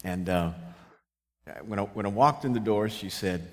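A man preaching and telling a comic story about his marriage, animated and shouting his punchlines, acting out both sides of the conversation. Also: low voice, normal speed. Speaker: pastor. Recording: large hall reverb with clear ambient noise.

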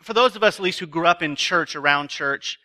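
A man's voice: on the high side, a little fast, pushed and bright. A man speaking at a retreat, telling self-deprecating stories in a chatty sermon to a live audience. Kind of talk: sermon with a humorous personal story. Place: live talk before an audience.

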